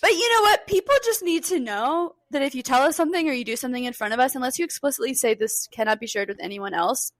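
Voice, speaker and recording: A woman co-hosting a podcast in casual chat, lively and quick to laugh. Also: high-pitched, no echo. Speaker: podcast co-host.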